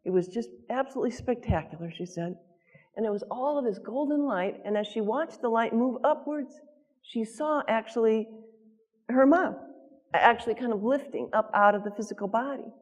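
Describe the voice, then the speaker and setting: A woman telling a moving story in an earnest, warm way. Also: a little high, normal speed, long reverb tail. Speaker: co-author and speaker. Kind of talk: storytelling talk.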